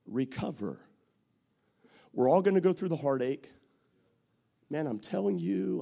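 A middle-aged male pastor delivering a heartfelt sermon in a gravelly voice. His pitch rises and falls with lively swings as he moves from loud, rousing calls to hushed confessions. He often breaks into short acted-out quotes of what others say. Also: measured pace, long pauses.

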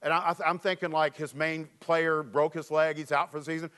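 A man's voice: on the high side, brisk, clean tone. A man preaching a sermon, telling jokey stories and reading scripture in a slightly weak voice. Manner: animated, jokey storytelling. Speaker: pastor.

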